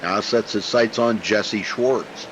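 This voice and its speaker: A man's voice: lowish voice, slow pace, background noise. Folksy racing commentator man. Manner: folksy, chatty play-by-play. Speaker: race commentator. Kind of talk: sim racing broadcast commentary.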